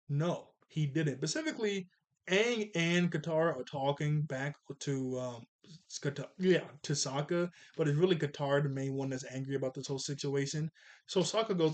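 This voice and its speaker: A man casually recapping a cartoon episode, animated and chatty, acting out the characters' lines in jokey voices. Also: a little high, fairly quick. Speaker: cartoon reviewer.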